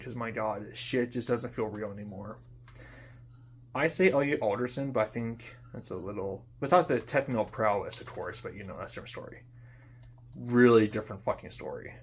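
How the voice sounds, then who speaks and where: Profane young man ranting alone. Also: mid-range voice. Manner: frustrated, profane, repeats himself, trails off into quiet mutters. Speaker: vlogger. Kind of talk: unscripted ranting monologue.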